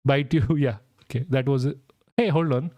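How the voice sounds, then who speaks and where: A man's voice: mid-range voice, steady tone, moderate pace, dark tone, no room sound, studio quality. A young man from India streaming, reading news aloud and reacting with sarcastic, swearing commentary and bursts of disbelieving laughter.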